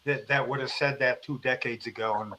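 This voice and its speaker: A man co-hosting a casual talk show, rambling and animated, laughing often as he talks. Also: mid-range voice, a little fast, rough recording. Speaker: co-host. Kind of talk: casual podcast chat.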